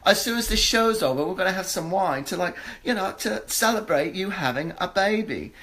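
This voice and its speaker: Higher-voiced male psychic, halting delivery. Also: lively intonation, fairly bright tone. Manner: halting, searching, many fillers and restarts. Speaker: psychic medium host. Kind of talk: live psychic reading.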